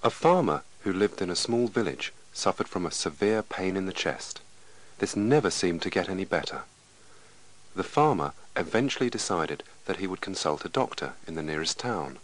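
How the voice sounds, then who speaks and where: A man reading English lesson texts aloud as scripted narration, slow and measured. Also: deep voice, expressive, poor audio.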